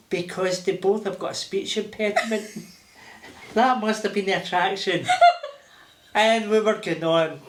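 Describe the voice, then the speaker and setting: Older glaswegian guy, chatty storyteller, laughs a lot, roomy echo. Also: sits high. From Scotland. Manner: animated, laughing, acting out voices. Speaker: interview guest. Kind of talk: casual storytelling.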